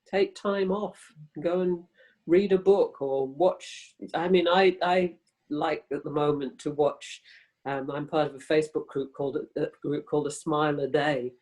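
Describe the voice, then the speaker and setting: A woman's voice: low voice, steady tone, a little slow, a little mellow, poor audio. A woman in her sixties, a guest speaking casually over a video call, frank and rambling, swearing freely. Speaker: interview guest.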